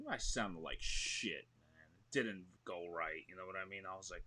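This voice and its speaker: With a low voice and a fairly quick delivery, this New York-accented man is a guest actor on a laid-back podcast. He tells his stories with animation, physically performing the scenes he describes.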